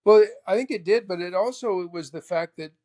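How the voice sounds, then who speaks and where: A man in his sixties from Canada, a guest telling animated anecdotes and acting out both sides of old conversations. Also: high-pitched, normal speed. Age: 60s. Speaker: guest, golf professional. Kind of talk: casual storytelling chat.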